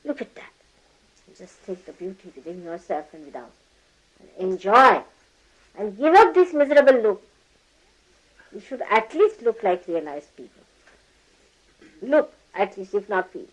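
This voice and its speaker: A woman's voice: medium pitch, big pitch swings, measured pace, pauses often, a little hiss or hum, poor audio. An older woman giving a spiritual talk to her followers, scolding and teasing them, laughing often and acting out the people she quotes. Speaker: spiritual teacher. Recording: archival talk recording.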